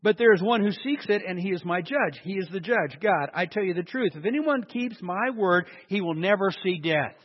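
Husky high-voiced man preaching. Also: expressive, moderate pace, hardly any pauses. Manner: conversational teaching, rhetorical questions to the congregation. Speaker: pastor. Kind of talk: sermon. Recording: dull long-reverb hall sound.

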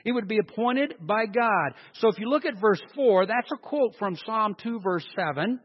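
A man's voice: high voice, lively intonation, moderate pace, husky. A man preaching a conversational sermon, asking his congregation questions as he teaches. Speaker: pastor. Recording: dull long-reverb hall sound.

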